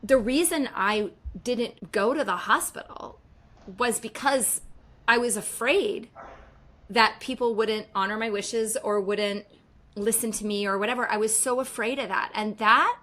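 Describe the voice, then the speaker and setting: A woman's voice: on the high side, measured pace, fairly bright tone. A middle-aged woman talking as a podcast guest, emphatic and fond of repeating phrases for stress. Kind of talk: casual conversational interview.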